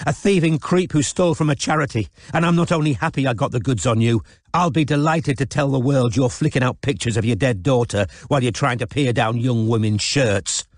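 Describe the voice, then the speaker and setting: A man voicing a tense young woman who turns fierce, speaking clipped and shouting in an audiobook. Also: mid-range voice, a little fast, few pauses, no room sound, studio quality, voice pushed up, close to an everyday voice. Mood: furious. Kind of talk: audiobook character voice.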